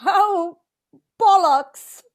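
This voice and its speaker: A woman's voice: very high-pitched, extremely slow, heavily acted. A woman improvising a prim young British lawn worker in a put-on accent. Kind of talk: improv comedy scene.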